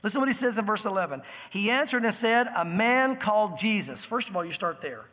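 A man preaching a sermon as a pastor, telling the story with animated acted-out voices. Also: high-pitched, fast talker, big-room sound.

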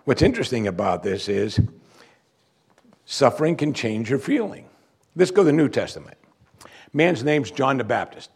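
A man's voice: mid-range voice, breathy edge. A male pastor preaching a sermon in a church, emphatic and full of rhetorical questions.

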